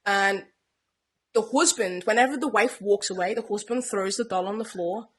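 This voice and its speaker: A young woman, co-hosting a casual podcast chat and retelling a TV plot with animated energy. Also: mid-range voice, moderate pace. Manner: animated storyteller who acts out characters' lines. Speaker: podcast co-host.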